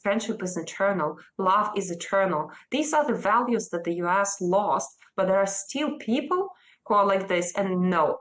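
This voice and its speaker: A woman's voice: medium pitch, expressive, normal speed, low-quality recording. A woman from Russia, a native Russian speaker with a Russian accent, answering a news interviewer in an earnest, emphatic and defiant way. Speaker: interview guest.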